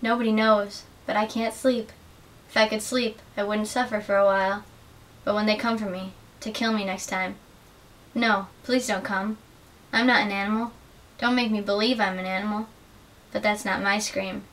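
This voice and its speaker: A young adult woman giving an earnest, measured dramatic reading of literary excerpts as a student reader. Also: medium pitch, steady tone, fairly bright tone. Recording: distant mic with faint hiss.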